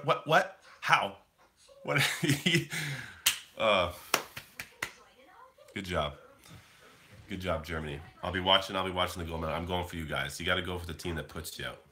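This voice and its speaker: A man's voice: sits low, pushed and bright, slight background noise. A man in his thirties from Canada, rambling casually to his livestream viewers and answering the chat. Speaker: livestream host.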